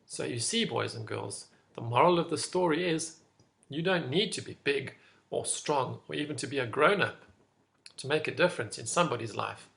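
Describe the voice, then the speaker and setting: A man leading an online school assembly, telling a fable to children in an animated way. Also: medium pitch, normal speed, vocal fry. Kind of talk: school assembly talk with storytelling.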